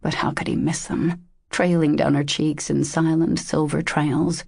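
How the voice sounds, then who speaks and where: A woman narrating a romance audiobook in a measured, intimate way. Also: low voice, level tone, gravelly, darkish tone, slightly rough, dry recording, studio quality.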